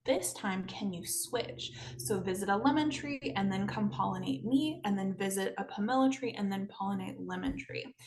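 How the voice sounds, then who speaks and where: Gentle pomelo tree, as a woman puts her on. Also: medium pitch, normal speed, hardly any pauses, a crowd in the background, lightly acted. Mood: coaxing.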